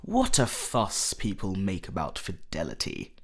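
Languid, epigrammatic lord, played by a man, slow and gravelly. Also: fairly low pitch, big pitch swings, full character voice. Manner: drawling, epigrammatic. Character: languid witty aristocratic gentleman, lord.

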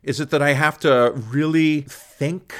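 A man's voice: a little high, fairly even intonation, a little slow. A man talking casually as a guest scholar, profane and self-mocking, telling stories with plenty of swearing. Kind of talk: casual conversation.

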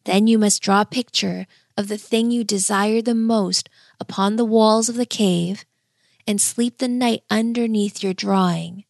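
Lady reading as a sweet old gardener guy, soft and confiding, a bit low and gravelly. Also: steady tone, unhurried, dry recording, studio quality. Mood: gentle. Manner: gentle, confiding. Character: old male gardener, kindly and fatherly.

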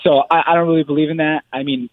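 A man's voice: fairly high pitch, fairly even intonation, fast, no room sound. Man on a tinny phone line, chatty. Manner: chatty storyteller, laughs through his telling. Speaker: phone-in caller; fighter.

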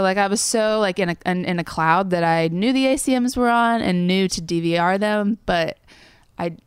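A woman's voice: medium pitch, moderate pace, smooth, no room sound, studio quality. A woman in her thirties telling a personal story in a casual interview, earnest and full of fillers. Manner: chatty, many "like" fillers, earnest. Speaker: songwriter guest.

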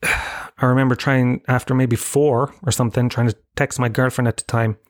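A man's voice: mid-range voice, flat delivery, moderate pace, dry recording, clean studio sound. An Irish man in his thirties hosting a solo podcast, telling rambling, profane, self-mocking stories in casual chat. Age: 30s. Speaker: podcast host.

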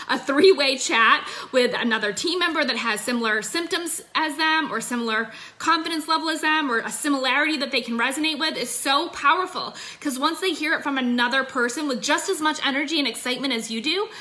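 A woman's voice: high-pitched, normal speed, pushed and bright. A young adult woman giving a chatty, upbeat sales coaching talk into her phone, full of fillers. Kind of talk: casual livestream coaching talk.

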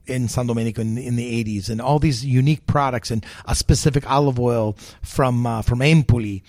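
A man in his sixties, a chef being interviewed, telling lively stories with frequent restarts. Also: medium pitch, no echo. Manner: animated anecdotes with repeated restarts. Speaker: guest chef. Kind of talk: storytelling interview.

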